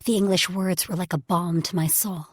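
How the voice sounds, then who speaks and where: A woman's voice: lowish voice, steady tone, normal speed, no echo, studio quality. A woman narrating a fantasy romance audiobook in first person, emotional, sometimes dropping to a whisper. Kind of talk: scripted narration.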